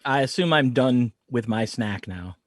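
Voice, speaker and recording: A man's voice: medium pitch, lively intonation, measured pace, dry recording, clean studio sound. A man playing a tabletop game, describing his moves with gleeful, gory relish. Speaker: player. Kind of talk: tabletop role-play chat.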